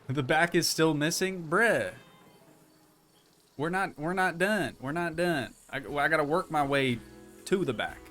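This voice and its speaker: A man's voice: on the high side, slow pace, long pauses, bright, forceful tone, faint music behind. A young man casually commenting as he builds in a game, chatting to his viewers and thinking aloud. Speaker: streamer.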